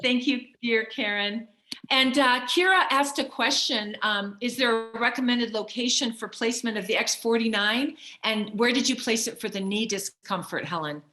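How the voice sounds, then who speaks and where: A woman's voice: on the high side, normal speed, pushed and bright, roomy sound. A woman hosting a casual group video call, cheerful and encouraging, calling on people by name. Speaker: call host.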